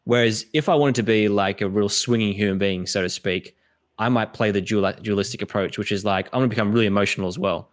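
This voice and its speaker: A man with an Australian accent talks casually on a podcast in a fairly low voice. He tells his stories with energy and acts out other people's lines as he goes. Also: quick pace. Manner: animated storytelling, acts out quoted voices. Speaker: podcast host. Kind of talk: casual conversation.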